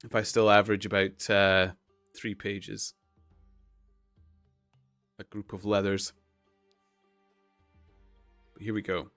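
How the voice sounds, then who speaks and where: A man chatting casually with his viewers on a live stream, relaxed and chuckling. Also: lowish voice, slow pace, pauses often, no room sound, faint music behind. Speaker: livestreamer.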